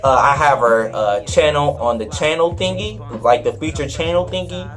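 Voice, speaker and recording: A young man telling a story in a casual, slangy, animated way, with faint music behind him. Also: on the high side, normal speed. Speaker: vlogger. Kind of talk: storytime vlog.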